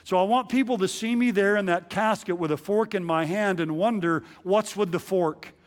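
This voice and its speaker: A man preaching a sermon as pastor, earnest and measured, slowing down for emphatic repetitions. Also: high-pitched.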